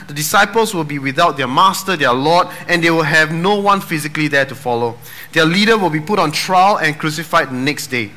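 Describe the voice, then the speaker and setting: A man's voice: on the high side, bright, forceful tone. A man preaching a sermon in a casual, joking way, tossing in dad jokes and asking rhetorical questions. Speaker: pastor.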